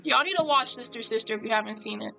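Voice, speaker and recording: A woman's voice: a little high, fast talker, creaky, sharp tone, faint music behind, poor audio. A woman chatting casually and animatedly with her viewers while drawing live, in a rambling style.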